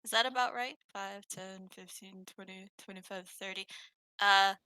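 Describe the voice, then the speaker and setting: Woman, tabletop game player, very bright voice, dry close sound, hesitant restarts. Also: medium pitch, fairly even intonation, moderate pace, clear, resonant tone, no echo, rough recording. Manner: hesitant, restarts while measuring out loud. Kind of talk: casual tabletop game chat.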